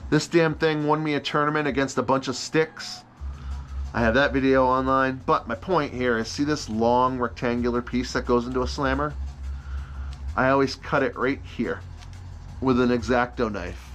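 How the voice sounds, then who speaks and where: A man's voice: medium pitch, fairly even intonation, normal speed, fairly bright tone, faint music behind. A man making fishing lures in his workshop, chatting casually on a livestream and answering questions, rambling and restarting his sentences, with the odd swear word. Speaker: fishing lure maker hosting a livestream. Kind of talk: casual live-stream chat answering questions.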